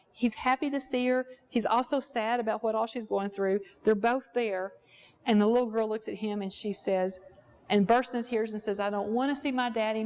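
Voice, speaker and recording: A woman's voice: on the high side, a little mellow. A woman therapist teaching a workshop, explaining through a client example and putting rhetorical questions to the audience. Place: workshop room at a ranch.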